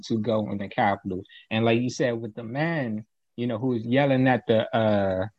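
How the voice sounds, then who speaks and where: Measured male co-host, mid-pitched voice, a bit muffled. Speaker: podcast co-host. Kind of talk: casual commentary. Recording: slightly dull, muffled audio.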